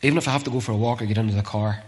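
A man preaching a sermon with passion, repeating phrases and swinging from urgent calls to hushed, near-whispered lines. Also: on the low side, racing, a little hiss or hum.

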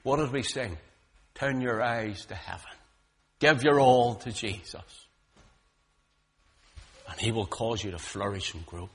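A male preacher gives a fervent sermon, sinking into hushed low lines and then bursting out loudly, repeating words as he grows worked up. He speaks unhurriedly with long pauses and a breathy edge.

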